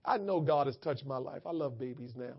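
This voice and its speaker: A man's voice: mid-range voice, fairly quick, creaky, breathy edge, dull audio. A man preaching a sermon in church, talking casually and then praying with rising fervor. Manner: conversational preaching building to fervent shouted prayer. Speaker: pastor. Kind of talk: sermon and prayer.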